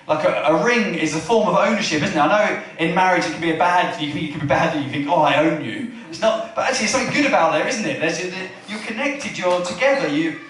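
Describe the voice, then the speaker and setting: A man's voice: high-pitched, fast, hardly any pauses. A man preaching a chatty family church sermon, often asking the room questions and acting out the story lines. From England. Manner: chatty, asks the room questions, animated retelling. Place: church hall. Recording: echoey hall from far off.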